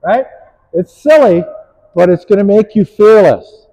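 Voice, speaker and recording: A man's voice: high-pitched, lively intonation, a little slow, mellow, rough recording. A man coaching players on the court, upbeat and encouraging as he calls out praise and instructions. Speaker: pickleball coach.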